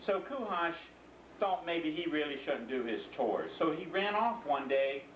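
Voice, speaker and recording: A man's voice: a little high, animated, a little slow, a little hiss or hum. A man patiently explaining customs and telling a story to a child, often asking the listener to join in. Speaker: interviewee and storyteller. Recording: echoey room, mic at a distance.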